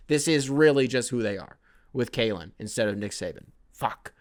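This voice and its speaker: A man's voice: mid-range voice, lively intonation, normal speed, no echo, studio quality. A man hosting a casual solo sports podcast who rambles, swears freely, jokes and reads listener emails aloud. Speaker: podcast host.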